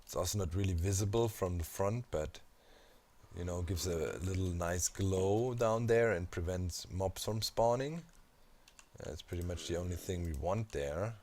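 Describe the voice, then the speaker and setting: A man's voice: low voice, measured pace, warm tone, slight background noise. A man casually commenting while he builds in a video game, thinking aloud with many fillers and asides. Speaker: Minecraft let's player.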